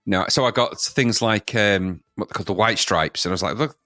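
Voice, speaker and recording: A man's voice: on the low side, a little fast, bright, forceful tone, no echo, clean studio sound. A man co-hosting a podcast, chatting casually and bluntly dismissing what he hears. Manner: blunt, scathing, breaks into mocking impressions. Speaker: podcast co-host. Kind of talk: casual chat.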